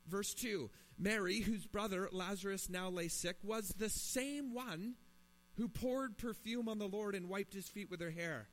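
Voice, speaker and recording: A man's voice: high-pitched, measured pace. A man preaching a sermon in his thirties or forties, earnest and building to emphatic pleas. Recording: long reverb in a hall, mains hum.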